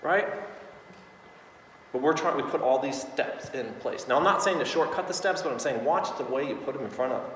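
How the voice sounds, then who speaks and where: A bright, lively man leads a live sales training from the front of a big hall, chatty and laughing easily as he tells stories. His voice reaches the mic from a distance, with a long echo off the walls. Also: mid-range voice, a little fast, slight background noise. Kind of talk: live training talk to an audience. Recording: echoey hall recorded from far off.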